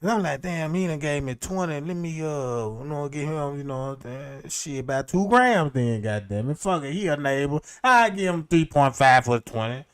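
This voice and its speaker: Man streamer, high voice, casual profane storytelling, loose and rambling. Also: lively intonation, normal speed, few pauses, smooth. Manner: rambling, profane, laughs often.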